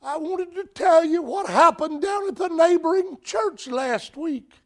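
A man voicing a frail, sweet elderly woman with a squeaky, high-pitched voice, telling a story eagerly. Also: expressive, measured pace, heavily acted.

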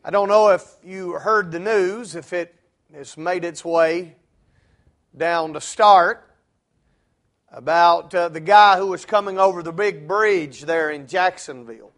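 A man's voice: unhurried, a bit bright. A male preacher, delivering a sermon and telling a story with rising intensity. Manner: storytelling, rising in pitch and force for the punchline.

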